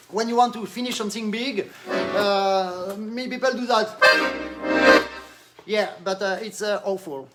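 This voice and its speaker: A man with a French accent giving an animated live-stream accordion lesson, demonstrating as he talks and slipping into French. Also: high-pitched. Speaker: accordion teacher.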